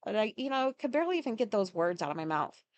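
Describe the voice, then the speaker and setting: A woman's voice: mid-range voice, sing-song, fast talker, no echo. Woman ranting solo on her podcast, lots of likes and swearing, dry close sound. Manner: rambling, swears a lot, many fillers. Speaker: podcast host. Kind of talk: casual solo monologue.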